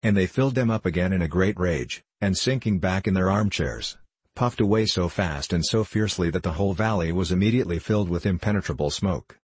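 A man reading a comic story aloud as narrator, in a theatrical, lively manner. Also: low voice, brisk, husky, no echo.

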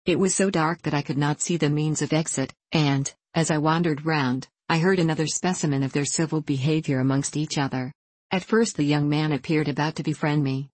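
Woman audiobook narrator, low voice, dry close read. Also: fairly even intonation, a little fast, darkish tone, no room sound. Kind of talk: scripted narration.

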